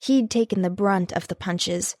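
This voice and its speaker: A woman's voice: mid-range voice, unhurried, darkish tone, dry recording, clean studio sound. A woman reading a first-person novel as an audiobook narrator, with an emotive reading style.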